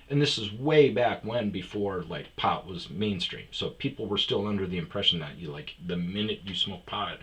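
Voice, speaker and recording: A middle-aged podcast host tells rambling, profane comic stories, voicing the lines of the people in them. His deep, slightly bright voice moves at a normal speed with hardly any pauses.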